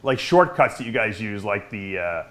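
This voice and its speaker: A man's voice: lowish voice, sing-song, normal speed, a bit bright. A man hosting a casual podcast discussion, talking in an enthusiastic way. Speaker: podcast host.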